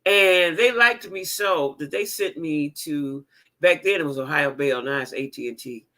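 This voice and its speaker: A woman in her fifties telling a story in a casual vlog, animated and emphatic, laughing as she talks. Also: deep voice, unhurried. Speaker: vlogger.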